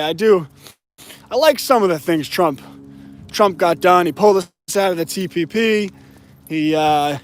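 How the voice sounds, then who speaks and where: High-voiced man ranting about politics. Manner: emphatic, slows down to stress key words. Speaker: political commentator. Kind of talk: opinionated political monologue.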